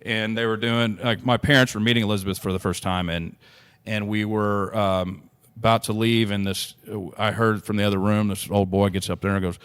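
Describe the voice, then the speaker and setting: A man's voice: fairly low pitch, level tone, moderate pace, a bit bright, clear, resonant tone. A man telling a personal story as a podcast guest, earnest and rambling, full of restarts and "you know".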